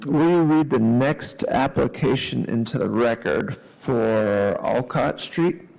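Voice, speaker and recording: A man's voice: mid-range voice, gravelly, darkish tone, rough recording. A man chairing a public board meeting, speaking procedurally. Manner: slow, procedural.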